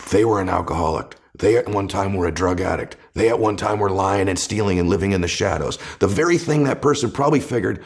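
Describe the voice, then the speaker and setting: A man's voice: low-pitched, fast talker, hardly any pauses. A man speaking as a guest author in an interview, giving impassioned motivational talk that builds with repeated, rising phrases.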